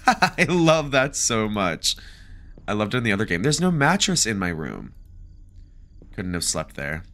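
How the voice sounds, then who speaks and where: A man giving jokey, animated let's play commentary, reacting aloud and talking back to game characters. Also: fairly low pitch, measured pace, long pauses, faint music behind. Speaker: gaming video creator.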